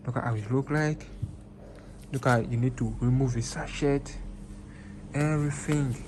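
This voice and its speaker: Male vlogger, slow excitable unboxing delivery, phone-recorded with a noisy background. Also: mid-range voice. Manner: excitable, repeats himself, exclaims in disbelief. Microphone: phone camera.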